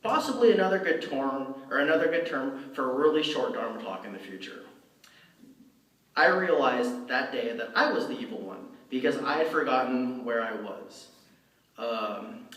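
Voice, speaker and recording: A lay speaker gives a dharma talk built on personal storytelling, his middle-pitched voice slightly bright and his pace normal. He tells the story loosely and animatedly, with fillers and restarts. He's picked up from far off the mic in a roomy, echoing space like a church hall.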